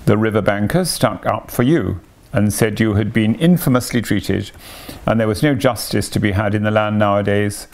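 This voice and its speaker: A man's voice: fairly low pitch, normal speed, lightly acted. A man voicing a sensible, earnest male water rat who speaks emphatically in a read-aloud storybook. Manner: emphatic, impressive.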